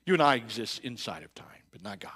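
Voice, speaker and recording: A male pastor delivers a sermon in a church with a bright, forward tone. He talks like a conversation, stumbling over restarts and doubling words. His delivery climbs to loud emphatic bursts, then settles into quiet, thoughtful passages. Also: medium pitch, big pitch swings, fast talker, slightly rough. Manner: conversational preaching with frequent restarts and repeated words. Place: church sanctuary.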